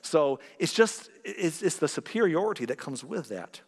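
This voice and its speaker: Animated pastor preaching in a reverberant hall. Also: male voice, fairly high pitch, moderate pace, vocal fry, husky. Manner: animated, joking asides, acts out quoted voices. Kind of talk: conversational sermon. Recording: long reverb of a large hall.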